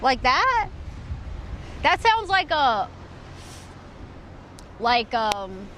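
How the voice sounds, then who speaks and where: A woman's voice: high-pitched, lively intonation, unhurried, a bit bright, slight background noise. A woman livestreaming outdoors on a beach by a port, chatting casually in a giggly, rambling, self-mocking way. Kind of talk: casual live stream chat.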